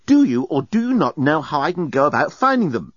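A man's voice: fairly high pitch, big pitch swings, brisk, a bit bright, no room sound, pitched above the performer's own voice. A man voicing a prim young woman who speaks in a cross, formal, precise way. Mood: stern. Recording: dull, muffled sound.

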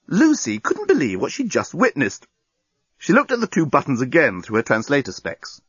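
A man narrating a comic science-fiction story as an audiobook reader, in a dry, even storytelling manner. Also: mid-range voice, fairly quick, husky, no room sound. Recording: dull lo-fi recording.

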